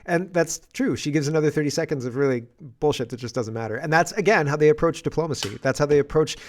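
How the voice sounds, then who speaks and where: A man's voice: fairly high pitch, quick pace, a little hiss or hum. A man hosting a political commentary stream, talking in a rambling, exasperated and sarcastic way.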